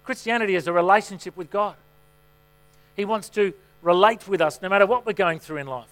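Male pastor, middle-aged, higher voice; easy, storytelling sermon delivery. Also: brisk, a bit bright. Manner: conversational, self-mocking storytelling.

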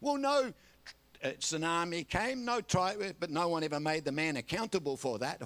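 An older man with an Australian accent preaches with animated storytelling, often turning to his congregation for a response. His voice sits high for a man. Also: normal speed. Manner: animated storytelling with repeated audience call-outs. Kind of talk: sermon.

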